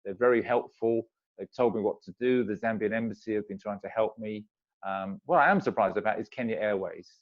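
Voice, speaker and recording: Calling in as an interview guest from home in Zambia, this man talks in a fairly low, brisk voice over lo-fi audio. He keeps things casual on the video call, playing out little everyday exchanges.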